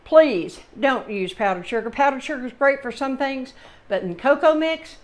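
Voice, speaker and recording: A woman's voice: high voice, expressive, moderate pace. A woman with a Southern American accent hosting a casual home cooking demonstration in her kitchen, chatting with folksy, rambling asides. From Southern United States. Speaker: home cooking channel host.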